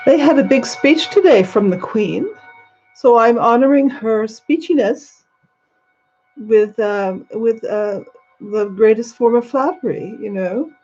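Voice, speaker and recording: A woman's voice: fairly high pitch, a little mellow, slightly rough, lo-fi sound. An older woman livestream host putting on an upper-class English accent to play a gracious, gushing elderly queen who calls viewers darling. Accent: put-on upper-class English. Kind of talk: live chat in character, greeting viewers. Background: faint background music.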